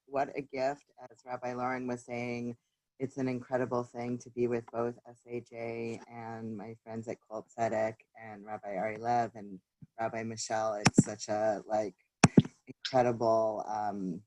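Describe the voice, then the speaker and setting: A man rabbi speaking as guest speaker on a video call, casual and quick, with many fillers. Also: medium pitch, level tone, darkish tone, rough recording. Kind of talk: sermon over video call.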